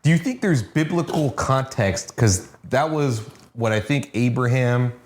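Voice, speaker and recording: A man's voice: mid-range voice, expressive, unhurried, slight background noise. A man co-hosting a casual podcast, rambling loosely and swearing. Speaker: podcast co-host. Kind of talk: casual chat.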